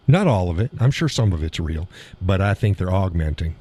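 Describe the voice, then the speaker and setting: Scornful low-voiced man streaming. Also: expressive, brisk, few pauses, dark tone, husky. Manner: blunt, scornful, laughs often. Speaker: live stream host. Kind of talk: casual political commentary reading chat.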